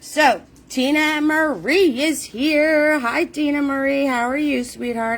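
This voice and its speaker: Bubbly woman host of a live painting stream, slightly high voice, chatty and warm with viewers. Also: slow pace, hardly any pauses. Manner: bubbly, repeats greetings in a singsong.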